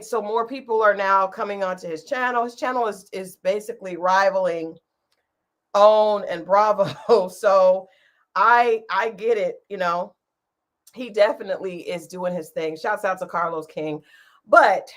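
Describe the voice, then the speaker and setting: A woman co-hosting a live-streamed chat show, talking casually, laughing often and trailing off mid-thought. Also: medium pitch. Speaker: podcast co-host.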